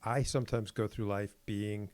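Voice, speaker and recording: A man's voice: fairly low pitch, moderate pace, no echo. A man co-hosting a podcast in casual chat, telling stories animatedly and acting out what people said. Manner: animated storyteller who acts out quoted exchanges. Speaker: podcast co-host.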